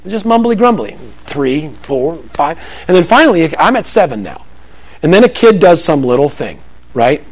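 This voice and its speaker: A man's voice: a little high, normal speed, low-quality recording. A middle-aged man giving a Christian parenting talk to a live audience, telling family stories with humor and acting out the dialogue. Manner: animated storytelling, acts out family dialogue; humorous, self-deprecating asides. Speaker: parenting speaker. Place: room with an audience.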